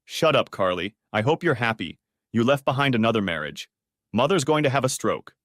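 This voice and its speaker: Male reader playing betrayed husband, clipped and cursing, lively dry delivery. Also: medium pitch, brisk, dry recording. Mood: angry. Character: furious betrayed businessman husband.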